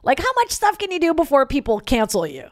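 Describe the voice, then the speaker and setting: A woman's voice: high-pitched, brisk, dry recording, studio quality. A woman in her thirties hosting a podcast, telling stories casually with lots of "like" and swearing. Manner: animated, profane, filler-heavy with lots of "like". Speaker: podcast host. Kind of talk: casual comedic storytelling.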